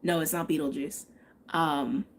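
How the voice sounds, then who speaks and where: A woman's voice: low voice, steady tone, a little slow. A woman giving a live tarot and astrology reading, chatting and thinking aloud, often checking in with "okay?". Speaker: tarot reader.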